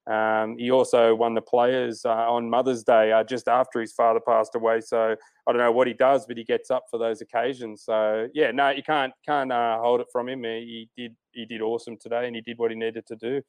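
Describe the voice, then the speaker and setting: A man's voice: mid-range voice, level tone, fairly quick, clean tone, dry recording. A man chatting casually as a golf podcast co-host, rambling with lots of fillers and restarts. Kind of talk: casual sports chat.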